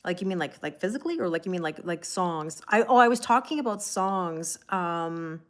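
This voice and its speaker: A woman's voice: lowish voice, expressive, normal speed. A woman giving a casual live tarot reading. She chats in a rambling way, greets viewers by name and often fills gaps with "like". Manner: heavy use of "like" and restarts. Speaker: tarot reader.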